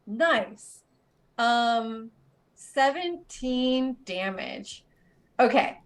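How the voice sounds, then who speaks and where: A woman's voice: a little high, expressive, very slow. A woman narrating as game master of a tabletop game, talking loosely with many fillers. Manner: rambling, filler-heavy narration. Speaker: dungeon master.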